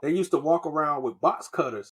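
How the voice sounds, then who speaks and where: Husky man telling a story. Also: fairly high pitch, fairly quick. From Southern United States. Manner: loose, profane, rambling storytelling with slang. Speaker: podcast co-host. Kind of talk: casual storytelling chat.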